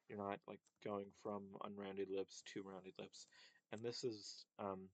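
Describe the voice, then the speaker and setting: Slow, low-voiced man explaining phonetics. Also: dry recording. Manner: hesitant, many fillers, repeats sounds to demonstrate. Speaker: linguistics presenter. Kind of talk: casual explanatory lecture.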